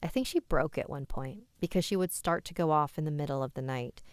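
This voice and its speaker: A woman's voice: sits low, brisk, clear, resonant tone, no room sound. A woman hosting a live stream, reading listener-submitted scary stories aloud with chatty asides.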